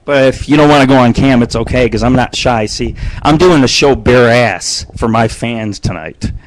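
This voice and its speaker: A man speaks at a normal speed in a mid-range voice, hosting a live internet radio show from his home studio over video. He rambles through crude anecdotes, swearing frequently and laughing. There's slight background noise, and the recording quality is low.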